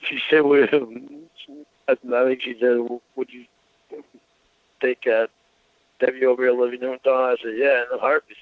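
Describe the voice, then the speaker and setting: A man calling in to a radio show, talking in a halting, simple, hesitant way. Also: medium pitch, level tone, dry recording. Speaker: radio caller. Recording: muffled radio call audio.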